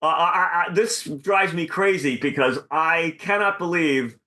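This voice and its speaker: A man with a bright, forceful voice, co-hosting a comedy podcast. He rambles and restarts his sentences as he gets worked up. His pitch sits a bit higher than most men's. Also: a little slow. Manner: animated, rambling with many restarts. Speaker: podcast co-host. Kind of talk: casual comedy chat.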